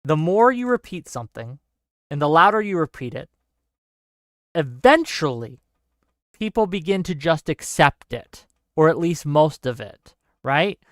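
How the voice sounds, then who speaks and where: Male host, higher-pitched, smooth voice, emphatic and casual. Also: very animated, unhurried, pauses often, fairly bright tone, no echo, clean studio sound. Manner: emphatic, restarts his thoughts. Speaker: show host. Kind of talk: casual political chat.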